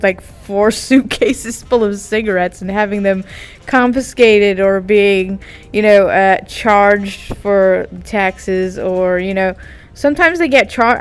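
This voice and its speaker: A woman's voice: a little high, clean tone. Giggly rambling woman from England. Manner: giggly, tangent-prone, lots of fillers. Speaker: VTuber vlogger. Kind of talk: rambling casual vlog.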